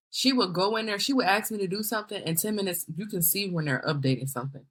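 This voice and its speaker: A woman in her thirties hosting a podcast, telling her own work story in casual chat, lively and exasperated, with quoted retorts. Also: mid-range voice, quick pace, hardly any pauses. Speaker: podcast host.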